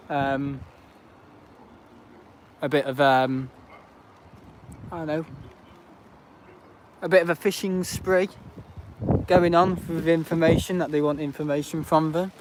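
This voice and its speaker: A man hosting a casual live stream outdoors at an airport, rambling and aggrieved with many fillers. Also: on the high side. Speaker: livestream host. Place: outdoors at an airport visitor park. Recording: noisy outdoor stream audio.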